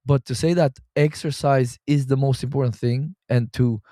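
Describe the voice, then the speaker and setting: A man's voice: mid-range voice, fairly even intonation, normal speed, dark tone, no echo, studio quality. A man hosting a health show, talking in a casual, opinionated monologue that is rambling and scornful, with many fillers and restarts. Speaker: health podcast host.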